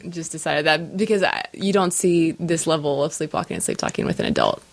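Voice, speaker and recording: Woman, young adult, casual podcast chat, animated, laughs a lot, dry close sound. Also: low voice, a little fast, creaky, no room sound. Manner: animated storyteller, laughs often. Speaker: podcast co-host.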